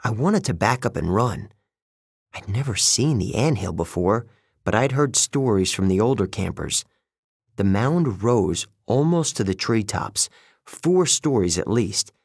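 Slow, husky male audiobook narrator. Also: fairly low pitch, dry recording, clean studio sound. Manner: measured, steady storytelling. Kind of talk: scripted first-person story narration.

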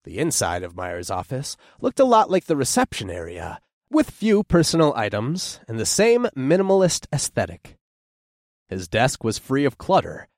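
Expressive male audiobook narrator. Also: fairly high pitch, no room sound, studio quality. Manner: expressive, descriptive storytelling. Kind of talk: first-person scripted narration.

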